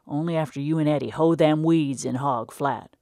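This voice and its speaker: Woman doing a gruff, drawling old farmer father. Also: low voice, moderate pace, mellow, dry recording, studio quality. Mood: stern. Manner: drawling, folksy. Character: gruff plain-spoken older farmer father.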